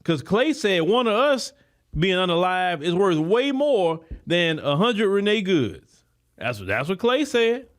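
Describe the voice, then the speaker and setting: A man's voice: high voice, sing-song, measured pace. A man hosting a podcast, giving a political commentary monologue in an emphatic, preachy way, talking straight to his listeners with loose, repetitive phrasing. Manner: colloquial, many repeated words. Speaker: podcast host.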